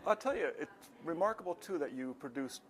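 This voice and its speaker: A man's voice: a little high, lively intonation, brisk, a little hiss or hum. A man hosting a TV show, interviewing guests and describing things at a leisurely pace. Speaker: TV show host.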